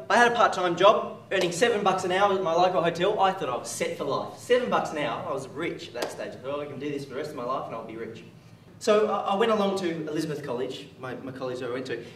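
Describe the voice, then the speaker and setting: A young Australian man giving a lively storytelling talk, acting out the lines of people in his story. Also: fairly high pitch, slight background noise. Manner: lively anecdotal storytelling with acted-out quotes. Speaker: motivational speaker. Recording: echoey hall from far off.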